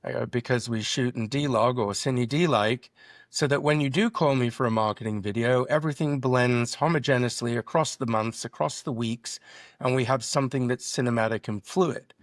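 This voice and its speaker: A middle-aged man, guest on a podcast, telling lively work stories and acting out conversations in quoted voices. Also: medium pitch, moderate pace, no room sound, clean studio sound. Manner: animated storyteller acting out dialogue. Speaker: guest, drone business founder. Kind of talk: podcast interview.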